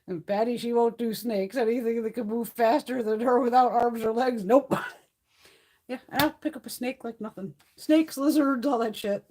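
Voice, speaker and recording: A woman's voice: on the high side, moderate pace, warm tone. A woman hosting a casual livestream chat, swearing freely and laughing through her stories. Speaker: livestream host.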